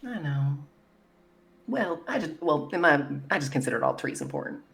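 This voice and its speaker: A woman's voice: low voice, wildly swooping pitch, normal speed. A woman playing a tabletop role-playing game, chatting casually, wry and thinking aloud, with some swearing. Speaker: player.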